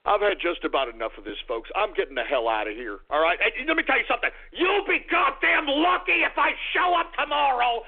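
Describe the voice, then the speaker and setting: High-pitched ranting talk-radio man. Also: expressive, a little fast, few pauses, husky. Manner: exasperated, theatrical ranting, cursing at listeners. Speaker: radio show host. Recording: phone-like lo-fi radio stream.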